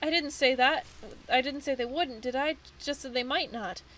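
A woman voices a tree-bound dryad whose mind is clouded by rage. She speaks higher and louder than her usual voice, lashing out and then apologizing in the same breath, in the erratic manner of a game figure. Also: moderate pace, slight background noise, poor audio. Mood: confused. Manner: swings between hostility and apology. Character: rage-addled female dryad, tree spirit, erratic and snappish. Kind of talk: reading game dialogue aloud.

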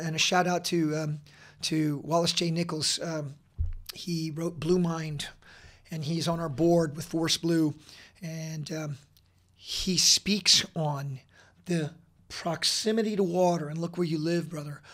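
Earnest, energetic man. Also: a little high, a little slow. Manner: earnest, energetic, with many fillers and restarts. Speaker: podcast guest. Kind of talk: casual interview talk.

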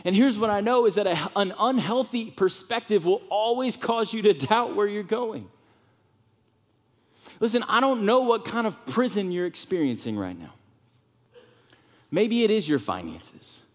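A man preaching a sermon in a church with lively, animated delivery, sometimes softening to a hushed, comforting tone. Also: unhurried. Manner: animated preaching, drops to soft tones for comfort, rises high for emphasis. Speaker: pastor. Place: church sanctuary. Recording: long reverb of a church hall.

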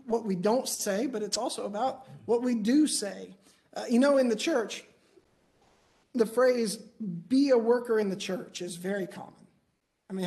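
A man's voice: high voice, darkish tone. A man preaching a sermon in a church, telling stories earnestly with frequent fillers and restarts.

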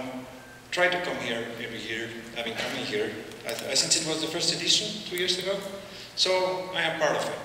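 A middle-aged man with a Mexican Spanish accent gives a halting acceptance speech with joking asides, often repeating his words. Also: mid-range voice, bright, forceful tone, a little hiss or hum. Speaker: award recipient giving an acceptance speech. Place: large hall at an awards ceremony. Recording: echoey hall, voice from far off.

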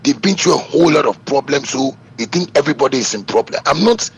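A man's voice: expressive, fast talker, husky, poor audio. A man from Ghana with a Ghanaian English accent, ranting indignantly and bragging as he answers a critic. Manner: indignant, bragging, rising pitch when worked up. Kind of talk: heated boastful rant.

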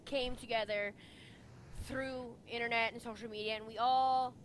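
A woman's voice: a little high, fairly even intonation, moderate pace, a little hiss or hum. A woman co-hosting a casual chat, telling stories bluntly with heavy swearing and talking with her hands. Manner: profane, blunt storytelling. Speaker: podcast co-host.

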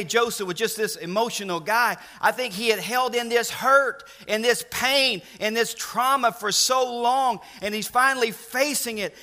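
A man preaching a sermon as pastor, earnest, with slow emphatic stresses and repeated refrains. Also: sits high, bright, forceful tone. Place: church.

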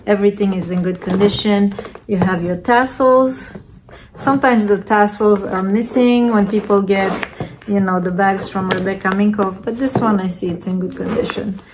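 A woman vlogger casually unboxing and reviewing secondhand handbags, talking in an unhurried, hesitant way with many fillers. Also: medium pitch, a little mellow, a little hiss or hum. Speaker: reseller vlogger.

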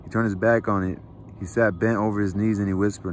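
A man reading a novel aloud in steady, unhurried narration. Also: low voice, slight background noise. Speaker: reader. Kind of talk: book read aloud.

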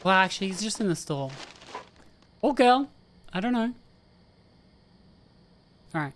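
A gaming streamer plays a horror game and chats casually as she goes, thinking out loud and addressing the on-screen characters. Her mid-range voice is expressive and measured, with a faint hiss or hum and soft game music in the background.

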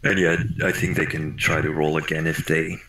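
A man playing a tabletop game, talking calmly and matter-of-factly. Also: a bass voice, normal speed. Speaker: player. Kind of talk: casual tabletop play. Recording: echoey room, noisy.

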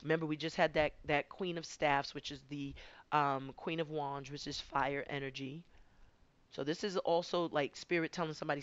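A woman's voice: deep voice, fairly even intonation, moderate pace, dry recording, dull audio. A woman giving a conversational spiritual tarot reading, rambling and often repeating her words. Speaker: tarot card reader.

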